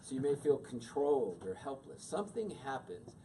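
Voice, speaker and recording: Animated middle-aged man teaching a class. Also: medium pitch, normal speed. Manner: animated, acts out quoted voices. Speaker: teacher leading a class on emotions. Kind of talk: classroom teaching with questions to the audience. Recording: distant mic with faint room noise.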